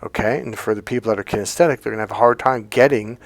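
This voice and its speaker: A man's voice: fairly low pitch, rapid-fire, no echo. A man, a relationship and communication coach, giving a motivational teaching talk and acting out quoted voices as he tells stories. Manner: animated storyteller, acts out quoted voices.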